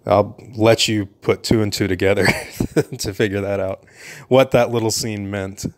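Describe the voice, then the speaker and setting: A man's voice: lowish voice, steady tone, measured pace. A man giving casual, enthusiastic commentary over a film and laughing often.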